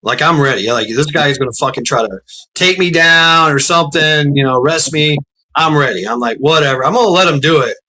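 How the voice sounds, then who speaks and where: A middle-aged man telling a long, profane story in casual chat, stumbling over restarts and acting out quotes in a raised, shouting voice. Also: fairly high pitch, a little fast. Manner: profane, rambling, frequent restarts.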